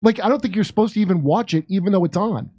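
A man with a mellow, darker tone pitched a bit high. He talks in a sarcastic, rambling way, recorded dry. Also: racing, no room sound. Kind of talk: casual comedic commentary.

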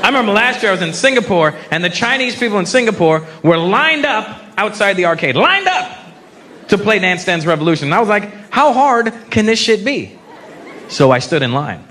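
On a comedy stage before a live audience, a man with a high, expressive, slightly fast voice does a stand-up set. He's brash and profane and teases the crowd, picked up by a live stage mic with crowd noise.

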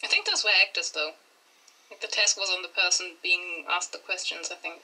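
A woman's voice: on the low side, a little fast, pushed and bright, rough recording. A woman speaking hesitantly and thoughtfully in a casual group discussion. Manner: hesitant, reflective. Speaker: discussion participant.

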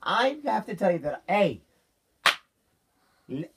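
A man talking to his young daughter at home at bedtime, loud and teasing, ending lines with "okay?". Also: high-pitched, sing-song, takes it slowly, very noisy. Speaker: father.

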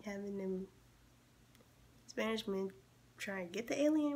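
A woman in her early twenties from Maryland, chatting casually while reacting to a music video, her voice a bit rough from being sick, sometimes dropping to a near whisper. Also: medium pitch, moderate pace, long pauses, warm tone. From Maryland, USA. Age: early 20s.

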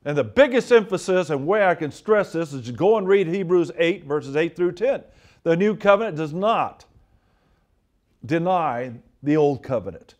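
A male preacher with a slightly raised pitch, delivering a sermon. He reads scripture and quotations aloud, then repeats and hammers his points with emphatic stress. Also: animated, normal speed, a little mellow.

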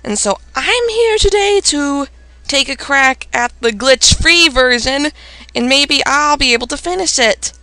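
Young woman doing a let's play, high bouncy voice, bright tone, tries out voices for the characters. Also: animated, unhurried, dry recording. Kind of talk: casual game commentary, reading dialogue aloud.

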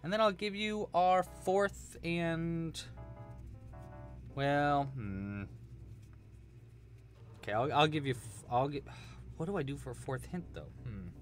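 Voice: mid-range voice, takes it slowly, long pauses, faint music behind. A crochet teacher hosting a casual live crochet-along, chatty and enthusiastic, rambling a bit with restarts. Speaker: crochet teacher and livestream host.

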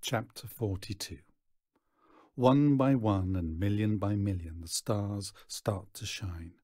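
A man teacher reading a novel aloud in a slow, deliberate way. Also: lowish voice, dark tone, no room sound. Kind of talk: storybook reading. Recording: dry close recording.

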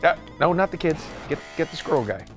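A man excitedly coaching and yelling at a video game he plays with a friend. His voice sits a bit high and bounces around. Faint game music plays behind him. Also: quick pace. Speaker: voice actor playing a video game. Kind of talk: casual gameplay banter.

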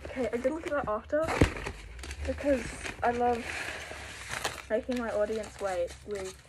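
A teenage girl from Australia unboxing a mask, gushing and breathless, shaky with excitement and swearing often. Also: fairly high pitch, normal speed, heavy background noise. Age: teens.

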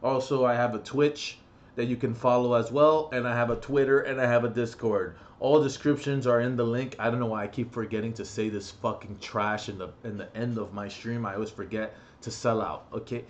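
A man's voice: medium pitch, fairly even intonation, brisk, muffled recording. A young man ranting in a gaming vlog, swearing and angry, mocking other players in between. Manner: angry, profane ranting with mocking put-on quotes. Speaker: gaming vlogger.

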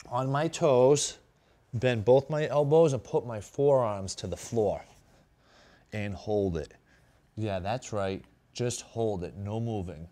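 A man's voice: lowish voice, a little mellow. A man leading a workout as a fitness instructor, counting reps and urging the viewer on while breathing heavily. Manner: encouraging, coaching and counting reps. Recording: music behind the voice.

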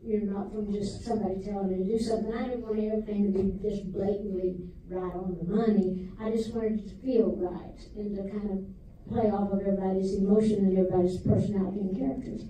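A woman's voice: medium pitch, little pitch movement, fast, mellow, slight background noise. An older woman with a Southern US accent, talking in a chatty, folksy way as a guest at a Q&A, heard from a distance in an echoey theater. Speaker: guest singer-songwriter. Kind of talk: casual Q&A talk. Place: theater stage. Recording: echoey theater from far off with audience.

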